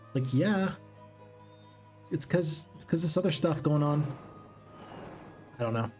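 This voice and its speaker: A man's voice: a little high, lively intonation, moderate pace, long pauses, a little mellow, soft background music. A man giving casual commentary while playing a strategy game, thinking aloud and asking himself questions as he goes. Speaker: let's play gamer.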